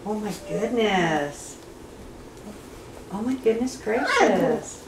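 A woman's voice: mid-range voice, expressive, extremely slow. Woman, breeder, cooing baby talk, distant mic, echoey room, background noise. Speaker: dog breeder. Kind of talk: casual vlog narration. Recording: roomy, from far off, noisy.

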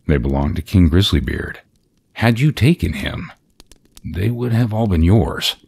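A man's voice: deep voice, lively intonation, a little slow, gravelly, darkish tone, slight background noise, pitched above the performer's own voice, full character voice. A man voicing a poor traveling fiddler who speaks bluntly and scolds his wife, as whispered role-play in a storybook reading. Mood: teasing.

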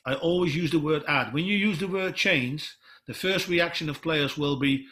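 A man's voice: a little high, normal speed, sharp tone. A middle-aged man, a football coach presenting to other coaches in an explanatory way, restarting sentences often. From Netherlands. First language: Dutch. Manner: explanatory, retells dialogue, many restarts.

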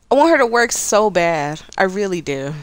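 Animated woman narrating her gameplay. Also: mid-range voice, measured pace, clear, resonant tone, dry recording. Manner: chatty, repeats herself, laughs at her own mistakes. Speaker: gamer streaming her play. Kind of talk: casual gameplay commentary.

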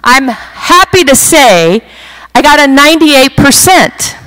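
A middle-aged woman gives a personal testimony at a retreat, acting out her own moments as she goes. Her voice sits high, and she takes her time with each phrase. Her storytelling is lively and heartfelt. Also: slow pace, poor audio. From western United States. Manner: animated storytelling, acts out her own panic. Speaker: retreat speaker.

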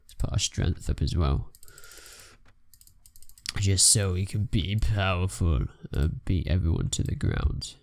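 Young guy, gravelly, low-ish, chatty let's-play commentary with keyboard clicks behind. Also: a little slow. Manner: chatty, self-narrating, excitable bursts. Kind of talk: casual gameplay commentary.

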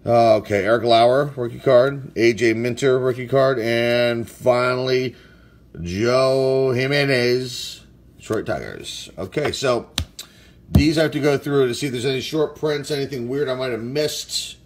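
A man's voice: medium pitch, fairly even intonation, measured pace, a little hiss or hum. A man opening packs of baseball cards, casually reading out player names and sometimes stumbling over hard ones. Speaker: sports card collector opening packs. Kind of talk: casual card-break commentary.

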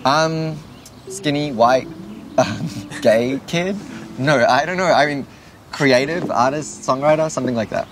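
With a voice on the high side and a slightly slow delivery, a young Australian man in his twenties responds to interview questions outdoors at a home. He's relaxed and playful, often self-deprecating, amid slight background noise.

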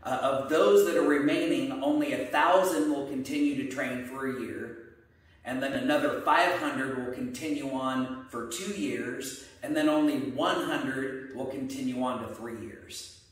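A man, a martial arts instructor, explaining ideas in a steady, earnest way. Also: medium pitch, unhurried. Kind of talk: casual explanatory chat. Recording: echoey room, mic at a distance.

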